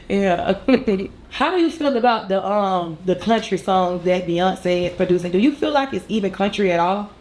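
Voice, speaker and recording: A woman's voice: mid-range voice, lively intonation, moderate pace, darkish tone, rough recording. A woman co-hosting a podcast in casual chat, brash and profane, laughing often. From Orlando. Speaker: podcast co-host.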